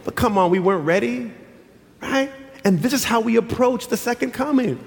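A man's voice: normal speed, creaky. A middle-aged man preaching a sermon as pastor, telling stories and acting out quotes in shifting voices. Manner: animated, acts out quotes in high and low voices. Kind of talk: sermon with storytelling. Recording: long hall reverb.

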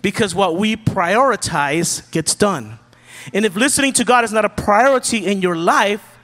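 A man preaching a sermon from the pulpit in a relaxed, joking, conversational way. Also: high voice, moderate pace, in a large hall. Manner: casual, joking preacher who acts out quotes. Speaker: pastor.

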